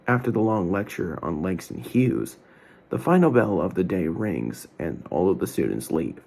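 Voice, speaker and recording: A man reading his own self-written story aloud as a channel host, with slightly slurred words and an animated telling. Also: sits low, gravelly, a little hiss or hum.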